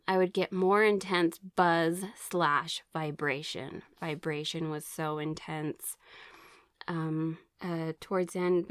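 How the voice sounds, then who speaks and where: A woman's voice: on the low side, no room sound, studio quality. A woman telling her own experiences in a casual, rambling way, full of fillers and restarts, now and then reading from her notes. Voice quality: occasional throat clearing. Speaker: vlogger sharing personal experiences. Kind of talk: casual personal storytelling.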